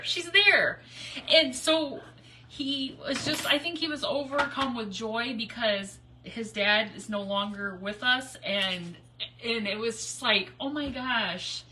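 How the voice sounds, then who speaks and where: A woman hosting a crafting live stream chatters giggly and rambling in a fairly high, bright, forceful voice. Her mic sits back from her in a noisy room.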